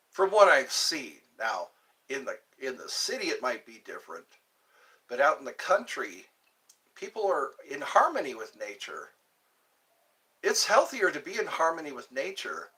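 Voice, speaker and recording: Slow-talking man musing on a live stream. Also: fairly high pitch, sharp tone. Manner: rambling, musing, drifts between topics. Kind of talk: casual live-stream chat reading comments.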